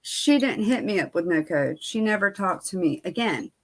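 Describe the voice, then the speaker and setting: A woman's voice: medium pitch, lively intonation, normal speed. Chatty woman venting in a casual vlog. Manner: candid, venting, lots of fillers and quoted dialogue. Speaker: beauty vlogger. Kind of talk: casual storytime chat.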